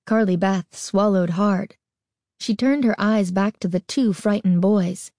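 Woman narrator, slow, warm mellow voice, dry close sound, suspenseful audiobook reading. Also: medium pitch, no echo. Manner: expressive, suspenseful storytelling.

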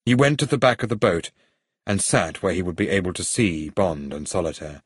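A man reads an adventure story aloud in a steady, even way. His voice sits low and is slightly husky. The recording is dry and close to the mic. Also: a little fast, no room sound. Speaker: narrator. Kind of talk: audiobook story reading.

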